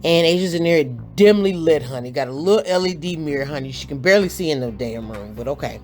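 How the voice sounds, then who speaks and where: A woman casually reviewing a TV show, ranting in a sassy, animated way with lots of slang. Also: deep voice, fast. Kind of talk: casual reaction commentary.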